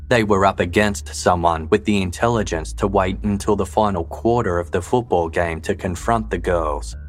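Deep-voiced man narrating true crime. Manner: measured, even, sober delivery. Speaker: podcast narrator.

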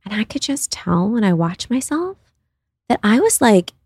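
A woman's voice: fairly high pitch, sing-song, normal speed, darkish tone, slightly rough, no echo, studio quality. A woman in her thirties, a podcast guest telling her story in an earnest, confessional way with lots of "like". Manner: earnest and confessional, many "like" fillers. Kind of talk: candid personal storytelling.

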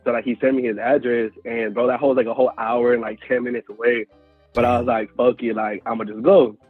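A man's voice: mid-range voice, flat delivery, quick pace, breathy edge, phone-quality sound, soft background music. A man in his twenties from Houston telling a story casually, full of slang, swearing and fillers. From Houston, Texas. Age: 20s. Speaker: guest storyteller.

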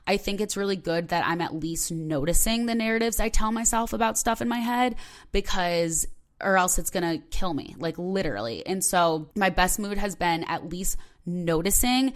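A young woman in her twenties hosts her own podcast in a loose, rambling, confessional way, leaning on "like" as she talks. Her voice sits a little low and carries a fragile edge, as if tears are not far off. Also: lively intonation, normal speed. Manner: emotional, rambling, heavy use of "like". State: close to tears. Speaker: podcast host. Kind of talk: casual solo podcast talk.

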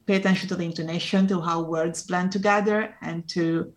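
A woman's voice: fairly low pitch, steady tone, brisk. A woman with an Italian accent, a non-native English speaker, answering interview questions in an earnest, encouraging way. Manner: earnest, encouraging, laughs often. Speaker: Italian teacher guest.

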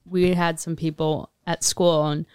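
A woman adding brief asides in a podcast chat. Her voice is lowish and strikingly smooth and resonant. The sound is close and dry. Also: flat delivery, a little slow, a little mellow, no room sound. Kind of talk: casual chat.

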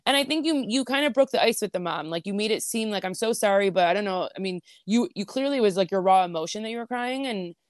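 A woman co-hosting a podcast, chatting casually in a quick, reassuring way. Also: medium pitch, expressive, no room sound, clean studio sound. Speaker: podcast co-host. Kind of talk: casual chat.

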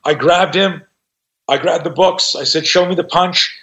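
A middle-aged man on a podcast tells a story in a casual, profane way, acting out the other voices. His voice sits fairly high for a man. The recording is slightly dull and lo-fi. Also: measured pace. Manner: profane, animated, acts out quoted voices. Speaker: podcast guest.

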